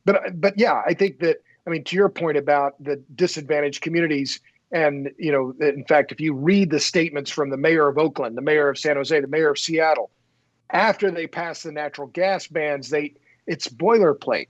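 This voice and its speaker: Guest interviewee, man, fairly high voice, dry muffled remote audio, chatty with frequent restarts. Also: normal speed, dry recording. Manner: talkative, repeats words when starting a thought. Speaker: podcast guest, energy writer. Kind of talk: casual conversational interview.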